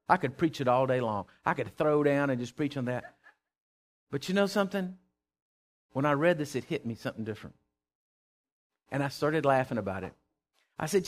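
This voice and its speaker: A man preaching a sermon, emphatic, with call-and-response, swinging from loud to hushed. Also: on the high side. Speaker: pastor.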